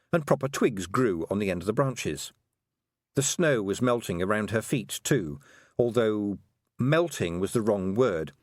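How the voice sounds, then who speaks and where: A man narrating an audiobook with expressive storytelling. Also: on the low side, dry recording, clean studio sound. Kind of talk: scripted narration.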